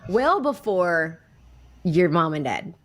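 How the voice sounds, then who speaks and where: A woman's voice: lowish voice, sing-song, unhurried. A woman hosting an interview, asking the guest questions and prompting him with short "mm-hmm"s. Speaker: host.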